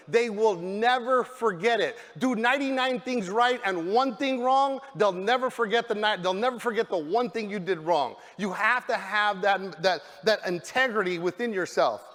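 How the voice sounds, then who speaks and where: High-voiced man, fired-up stage speech. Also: moderate pace, few pauses. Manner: high-energy, repeats words when excited. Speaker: motivational speaker. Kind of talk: stage speech to a sales team. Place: large hall on stage. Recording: long hall reverb.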